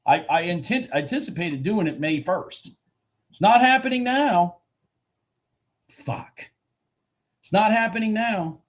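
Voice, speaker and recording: A man's voice: high-pitched, expressive, unhurried, pauses often. Frustrated man trading live on stream. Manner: frustrated, swearing, talking to himself and chat; laughs at himself, repeats phrases. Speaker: livestream futures trader.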